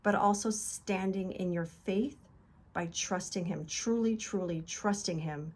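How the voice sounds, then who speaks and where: A woman with an unhurried, mid-range voice hosts a casual devotional video talk. Earnest and encouraging, she retells scripture in loose, conversational words.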